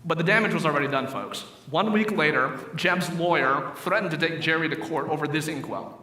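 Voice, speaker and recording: Pastor, male, bright and forceful tone, storyteller; recorded from afar in a reverberant church. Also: on the high side, brisk, recorded from a distance. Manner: animated storyteller voicing characters in jokes. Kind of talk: sermon storytelling. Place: church sanctuary. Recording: echoey hall recorded from afar.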